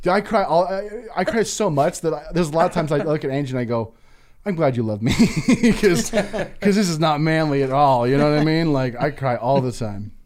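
A man with a high, lively voice that leaps around as he riffs. He talks in loose comedic podcast banter, laughing through his own stories and swearing freely. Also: moderate pace. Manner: emotional storyteller.

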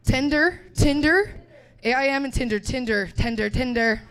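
A woman's voice: high-pitched, moderate pace. Young woman comic from Indiana, brash crowd work, live club mic with a roaring audience. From Indiana, USA. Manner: brash, crude, laughing, riffing with audience. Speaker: stand-up comedian. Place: comedy club stage.

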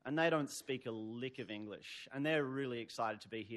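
A man's voice: mid-range voice, brisk, few pauses, fairly bright tone. A man telling a story live on stage, rambling with lots of "sort of" fillers and wry humor. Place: stage before a live audience.

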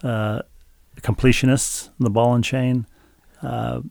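Man with a gravelly voice, dry humor. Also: mid-range voice, little pitch movement, a little mellow, no echo. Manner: dry, joking, halting with repeated words. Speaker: podcast co-host. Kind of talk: casual chat, reading listener mail.

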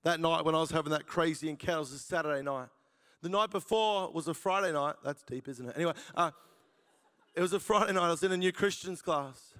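A man's voice: on the high side, fast talker, fairly bright tone, smooth. A man, preaching his testimony as a jokey storyteller who laughs at his own lines. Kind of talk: sermon testimony. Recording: reverberant church hall.

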